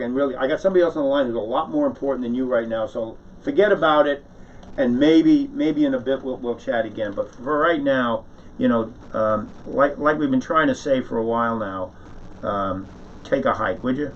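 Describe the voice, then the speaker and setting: A man's voice: medium pitch, fairly quick, slight background noise. Sarcastic man on a one-sided mock call. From New York City. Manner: sarcastic, needling; rambling with many restarts. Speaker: satirical monologuist. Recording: dull, distant lo-fi recording.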